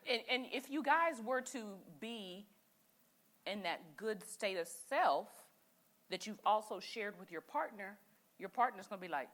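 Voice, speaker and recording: A woman leads a church group discussion with a bright, ringing voice. Her pitch swings widely as she encourages the group and speaks plainly and directly. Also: lively intonation, measured pace. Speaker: session leader. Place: church meeting room.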